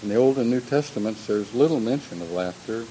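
A man's voice: medium pitch, expressive, a little fast, dark tone, slight background noise, rough recording. An older man speaking in a thoughtful, lecture-like way, with frequent restarts and personal asides. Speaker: speaker on humor and religion. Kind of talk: reflective lecture-style talk.

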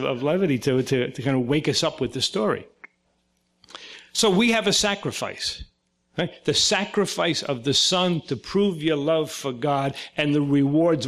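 An older man from Brooklyn, a psychoanalyst giving a talk and retelling a story, acting out the quoted voices. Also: fairly high pitch. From Brooklyn, New York. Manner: conversational, acts out quoted voices. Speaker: psychoanalyst lecturer.

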